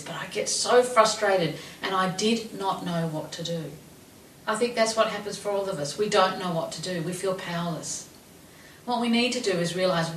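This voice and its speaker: A woman's voice: on the low side, a bit bright. Earnest middle-aged woman giving advice. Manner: earnest, emphatic, repeats phrases for stress. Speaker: relationship advice host. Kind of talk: direct-to-camera advice talk. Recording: roomy echo, distant mic, faint ambient noise.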